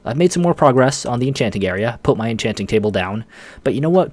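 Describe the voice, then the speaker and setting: Man, let's play host, casual game commentary, rambling, animated pitch. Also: fast, dry recording. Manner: chatty, rambling, laughs often, lively.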